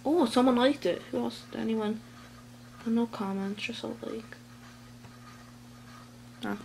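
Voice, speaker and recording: At home indoors, a woman vlogs into a handheld phone camera, meandering casually with plenty of fillers and restarts. Her voice is on the high side, slow, and darkish, with vocal fry. A little hiss or hum runs underneath.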